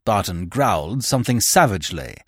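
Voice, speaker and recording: A man narrating a classic novel as podcast host in an expressive, theatrical storytelling manner. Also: on the low side, fairly quick, breathy edge, no echo, clean studio sound. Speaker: audiobook narrator. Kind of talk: scripted dramatic narration.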